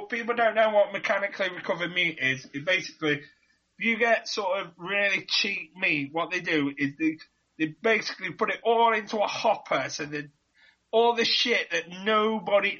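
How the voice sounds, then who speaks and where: A man's voice: high voice, normal speed, pushed and bright, lo-fi sound. A man with an English Midlands accent, a podcast guest joking crudely over a video call. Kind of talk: casual podcast banter.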